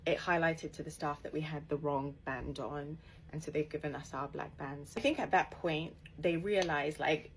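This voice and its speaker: Animated low-voiced woman storyteller. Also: a little hiss or hum, rough recording. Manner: animated, laughing bursts, quoting others in a hushed voice. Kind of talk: casual story time.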